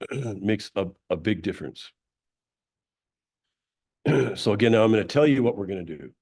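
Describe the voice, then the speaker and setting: A man giving a Sunday talk, leading the group through a laughter exercise with coaching instructions and frequent throat clearing. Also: on the low side, animated, unhurried, a little mellow.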